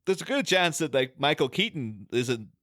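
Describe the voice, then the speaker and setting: A man's voice: a little high, big pitch swings, normal speed, a bit bright, dry recording. Rambling man on a podcast, dry mic. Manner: rambling, many fillers and restarts, laughs often. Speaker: podcast co-host. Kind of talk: casual chat.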